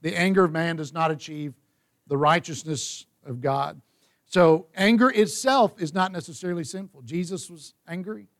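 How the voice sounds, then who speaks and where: A man's voice: a little high, moderate pace. A man leading a Bible study, reading verses and explaining them in a conversational way. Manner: conversational, reads scripture aloud.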